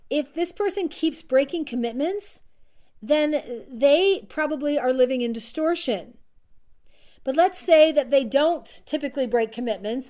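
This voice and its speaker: High-voiced woman giving an earnest self-help talk. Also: a little mellow. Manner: earnest and repetitive, laughs at herself. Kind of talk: motivational talk to listeners.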